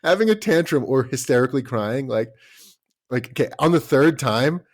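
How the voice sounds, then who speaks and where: A man in his thirties co-hosts a podcast, chatting casually in a mid-range voice at a moderate pace. He tells stories with animation, acting out his children's voices along the way.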